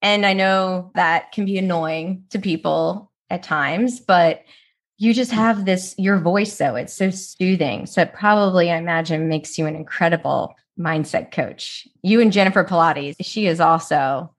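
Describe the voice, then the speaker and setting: A woman's voice: lowish voice, measured pace. A middle-aged woman hosting an interview over a video call, chatty and full of energy. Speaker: interview host.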